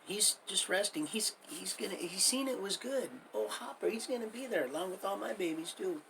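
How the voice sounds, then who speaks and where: A middle-aged man with a gravelly, rough-edged voice rambles through a life story and slides into folksy preaching. His tone is sharp and forward, and he calls his listeners beloved as he talks to them. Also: high voice, animated, normal speed, a little hiss or hum. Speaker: livestream host.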